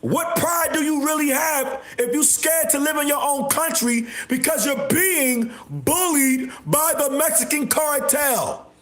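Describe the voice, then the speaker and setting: A man hosting a livestream, delivering a repetitive, confrontational rant with bursts of shouting. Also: very high-pitched, measured pace, hardly any pauses. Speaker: livestream host. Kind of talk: ranting livestream monologue. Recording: echoey room.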